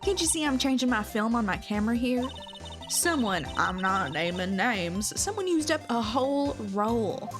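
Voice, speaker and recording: A woman's voice: on the high side, big pitch swings, moderate pace. A woman voicing a brash, feisty Southern woman photographer in a put-on drawl, reading game dialogue aloud on stream, with game music playing. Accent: exaggerated Southern US drawl. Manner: sassy, folksy, confrontational.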